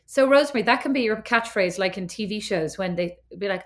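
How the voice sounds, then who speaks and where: A woman co-hosting a podcast with her sister, chatting casually, wry and quick to laugh, swearing freely. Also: mid-range voice, animated. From Ireland. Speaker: podcast co-host. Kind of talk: casual chat. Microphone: remote recording call.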